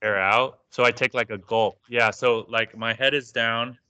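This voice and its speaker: A man in a group call, speaking loudly and going through things step by step. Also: mid-range voice, fairly even intonation, normal speed, clean tone, no room sound. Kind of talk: casual chat on a call.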